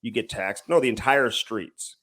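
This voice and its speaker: A man co-hosting a podcast, talking in a deadpan, mock-dramatic way during casual chat. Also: fairly low pitch, normal speed. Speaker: podcast co-host.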